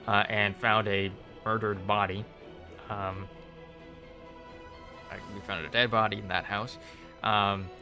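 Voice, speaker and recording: A British man recapping a game on stream in a casual, rambling way, full of fillers and restarts. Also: on the low side.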